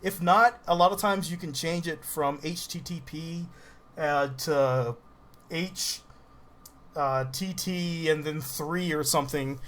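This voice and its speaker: A man's voice: a little high, slow, fairly bright tone. A man from the Southern US giving casual livestream commentary while he plays a game, laughing often and greeting viewers in chat.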